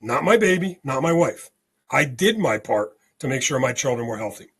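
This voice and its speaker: A man guest on a spiritual podcast, telling a story in an animated way and often checking in with "okay?". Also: mid-range voice, moderate pace, slightly rough.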